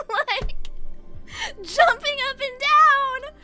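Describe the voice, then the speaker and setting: A woman streamer in casual chat, excitably rambling through a story with lots of "like". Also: extremely high pitch, slow, faint music behind. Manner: excitable rambling retelling, heavy use of "like".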